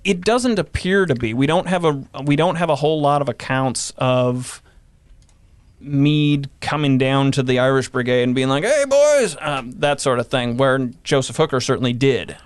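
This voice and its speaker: Man, mid-pitched, podcast guest, explanatory, dry close sound. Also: fairly even intonation, moderate pace, dry recording. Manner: explanatory, reads from old newspapers, some fillers. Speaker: guest historian. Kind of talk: podcast conversation.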